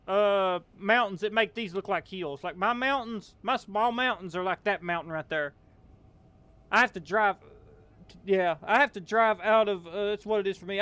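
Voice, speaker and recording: A young man with a Southern accent talks casually over a game stream, his voice sitting fairly high for a man and coming through smooth and clear. He rambles and drawls, full of fillers and restarts. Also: bright, forceful tone, dry recording. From Appalachian Kentucky, US. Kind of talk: casual gameplay chat.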